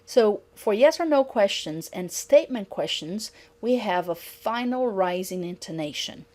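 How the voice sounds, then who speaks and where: A woman's voice: medium pitch, expressive, a little mellow. Woman lecturing on intonation. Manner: reads example sentences slowly and clearly. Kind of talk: recorded lecture on pronunciation.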